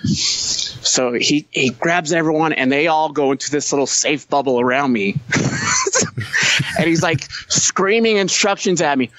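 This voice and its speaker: A man's voice: a little high, measured pace, pauses often, a bit bright, no room sound, rough recording. A man who is a Marine veteran, telling a war story as a podcast guest, blunt and heavy on profanity. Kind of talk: casual storytelling.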